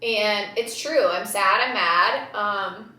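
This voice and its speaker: A woman hosting a podcast, talking casually in a loud, animated way and laughing often. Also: mid-range voice, slow pace, far from the mic. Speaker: podcast host. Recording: roomy echo.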